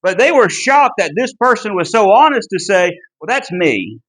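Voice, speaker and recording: A man teaching a Bible class, earnest and emphatic, with a deliberate delivery and small restarts. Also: high-pitched, lively intonation, fairly bright tone, slightly rough, rough recording. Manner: earnest and emphatic, pleading in tone when driving a point home. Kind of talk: Bible study lesson.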